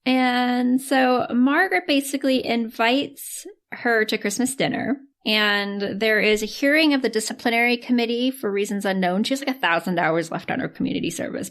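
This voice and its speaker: A woman's voice: fairly high pitch, a bit bright. A woman co-hosting a podcast, casually recapping a film with frequent laughs. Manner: chatty, laughs often while recapping. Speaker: podcast co-host.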